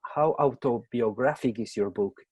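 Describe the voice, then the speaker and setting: Halting man interviewer, Spanish native. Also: darkish tone, breathy edge, dry recording. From Chile. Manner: halting, searching for words. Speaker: interviewer, film critic. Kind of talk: interview questions. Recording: dull, dry, low-fidelity sound.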